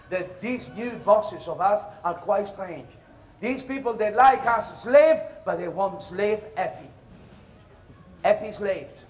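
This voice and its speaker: Male stage performer, comic monologue, high voice, lively acting. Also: slow. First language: Italian. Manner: animated storytelling, jumps into shouted voices and laughter.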